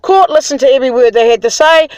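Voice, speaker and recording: Aggrieved woman vlogger, high voice, swears, dry close mic. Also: fast, darkish tone, dry recording, rough recording. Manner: aggrieved, indignant, swears freely. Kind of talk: angry personal rant to camera.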